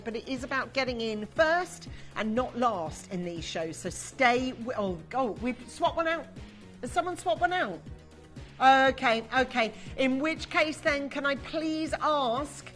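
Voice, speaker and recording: A woman presenting on a shopping channel from a TV studio, talking in gushing, chatty sales patter. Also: fairly high pitch.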